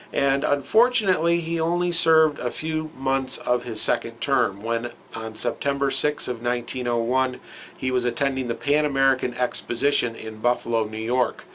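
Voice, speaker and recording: A man's voice: mid-range voice, a bit bright, slight background noise, rough recording. Plain-spoken man narrating facts. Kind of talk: factual narration.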